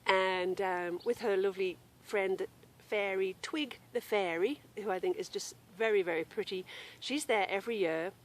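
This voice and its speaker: A woman's voice: mid-range voice, normal speed. A woman hosting a knitting podcast from outdoors in a grassy yard, chatting casually and apologising for interruptions. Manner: chatty and apologetic, breaking off to call a wandering dog.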